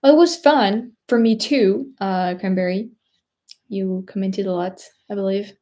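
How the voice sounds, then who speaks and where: A woman's voice: mid-range voice, a little slow, dark tone. A French woman with a French accent hosting a casual livestream, rambling, searching for words and laughing often. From France. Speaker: vlogger host.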